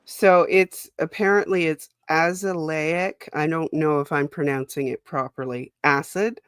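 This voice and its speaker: A woman's voice: low-pitched, fairly even intonation, unhurried, clear, resonant tone, no echo. A woman from Canada chatting as a guest on a video call, dry and sarcastic. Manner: dry, sarcastic, laughs easily. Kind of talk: casual chat.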